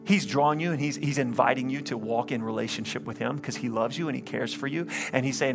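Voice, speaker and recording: A man preaching as a pastor in a church, pleading and impassioned, swelling loud and then dropping low during an altar call. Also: brisk, creaky, few pauses, over music. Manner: impassioned, rising to loud climaxes then hushed. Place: church sanctuary, livestreamed.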